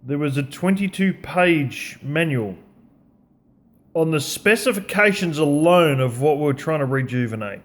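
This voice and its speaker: Slow, blunt Australian man ranting. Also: a little high, lively intonation. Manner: blunt, profane, conversational. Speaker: vlogger. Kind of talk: blunt motivational rant.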